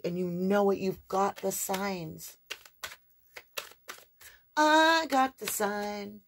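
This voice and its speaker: A woman doing an animated, affectionate tarot reading for her viewers, with sing-song emphasis and a chatty, conversational flow. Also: medium pitch, slow, long pauses. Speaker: tarot reader. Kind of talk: spiritual tarot reading to camera.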